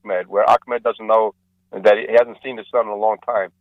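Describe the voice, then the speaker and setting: A man's voice: fairly low pitch, a little fast, dry recording. Rambling comedian man, dull dry sound. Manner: rambling, animated joke-telling. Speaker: comedian guest. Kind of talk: casual storytelling interview.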